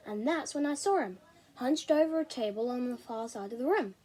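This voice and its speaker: A woman reading a children's novel aloud in an expressive, animated way. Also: on the high side, fairly quick, husky. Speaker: reader.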